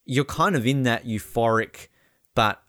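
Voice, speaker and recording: A man's voice: mid-range voice, a little slow, sharp tone, no room sound, studio quality. A man with an Australian accent hosting a sports podcast, talking in an enthusiastic, conversational way. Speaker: podcast host. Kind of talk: podcast interview and narration.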